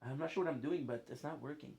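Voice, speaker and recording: A man's voice: fairly high pitch, fast talker, gravelly, a little mellow. A man streaming a game, chatting casually in a playful, rambling way. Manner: playful, rambling, laughs often. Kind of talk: casual chat while gaming.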